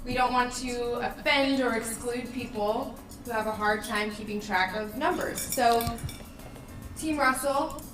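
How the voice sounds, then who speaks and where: A woman's voice: on the high side, a little slow, distant mic, music in the background. A woman guest on a comedy stream, joking in a dry, teasing way. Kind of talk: comedic chat on a live stream. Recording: echoey room, voice off-mic.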